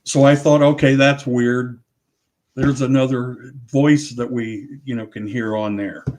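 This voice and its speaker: A man speaks slowly and deliberately as an interview guest. He explains audio evidence in a loose, rambling way and keeps backtracking to fix what he said. His voice sits at a moderate pitch. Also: steady tone, a little mellow. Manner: rambling, restarts and corrects himself. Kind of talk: casual interview talk.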